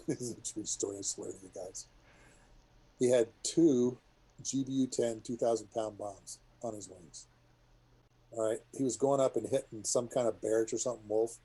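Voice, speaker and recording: A middle-aged man, a retired military pilot, telling rambling war stories to a group in a casual, animated way. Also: mid-range voice, breathy edge, poor audio. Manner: rambling, animated, many restarts and asides.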